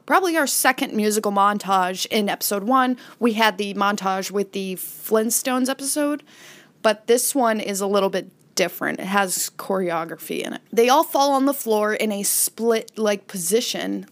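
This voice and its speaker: A woman's voice: mid-range voice, moderate pace. A woman hosting a podcast, casually recapping an episode in a chatty way and briefly acting out quoted lines. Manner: chatty, retells scenes with brief acted-out quotes. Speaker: podcast host.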